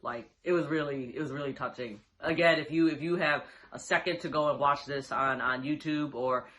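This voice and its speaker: Casual male vlogger, bright and slightly high voice, rambling reaction talk with frequent restarts. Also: fairly even intonation, normal speed. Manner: rambling, lots of fillers and restarts, laughs often. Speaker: vlogger reviewing a wrestling show.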